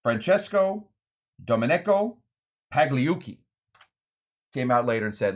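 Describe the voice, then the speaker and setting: A man's voice: mid-range voice, very animated, unhurried, pauses often. A man hosting a cocktail show who tells drink history in a rambling, joking way, often breaking into playful voices for the people in his story. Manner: rambling, jokey, acts out voices in anecdotes. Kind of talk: casual storytelling lesson.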